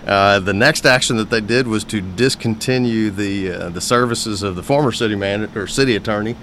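A man, a city official chatting on local radio, halting with many fillers and quick to laugh. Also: on the low side, fairly bright tone, slight background noise. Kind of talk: casual radio chat.

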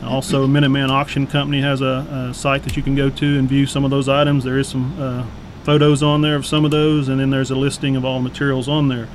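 Man, monotone, plain informational radio talk, faint hiss. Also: medium pitch, quick pace, hardly any pauses. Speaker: city staff guest. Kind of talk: casual radio chat.

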